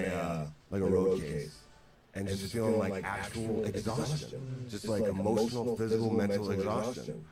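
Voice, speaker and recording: Lower-voiced man telling a wry, exasperated story. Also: fairly even intonation, normal speed, a loud crowd. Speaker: interview guest. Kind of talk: storytelling anecdote. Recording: echoey distant replay from a stream.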